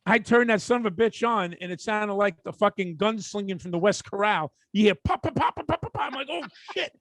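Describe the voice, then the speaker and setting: Quippy New York podcast co-host. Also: male voice, high voice, expressive, a little fast, fairly bright tone, no echo, soft background music. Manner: chiming in with quips, profane, laughing. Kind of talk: casual podcast banter.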